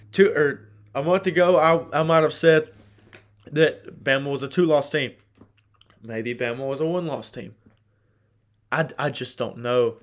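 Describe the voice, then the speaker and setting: A young man hosting a casual solo sports podcast, chatty, laughing often and restarting his sentences. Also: fairly high pitch. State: dry throat. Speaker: podcast host.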